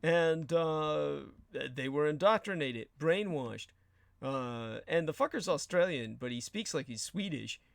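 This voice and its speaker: A man's voice: a little high, lively intonation, measured pace, vocal fry, no echo, clean studio sound. A man hosting a show, delivering an emphatic, sardonic political commentary monologue with crude asides. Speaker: show host.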